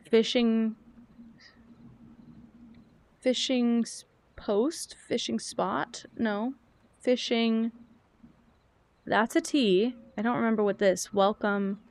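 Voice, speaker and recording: A woman's voice: on the high side, fairly even intonation, takes it slowly, pauses often. A young woman chatting casually while streaming a cozy game, rambling, thinking aloud and answering chat.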